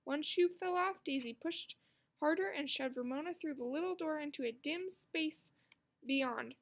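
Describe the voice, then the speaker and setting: A woman reading a children's book aloud with expressive storytelling. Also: sits high, moderate pace. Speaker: narrator.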